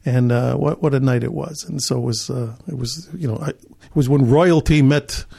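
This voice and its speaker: Gravelly man telling an animated story. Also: mid-range voice. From Chicago. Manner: animated, halting repetitions. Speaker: actor, guest. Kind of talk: casual storytelling.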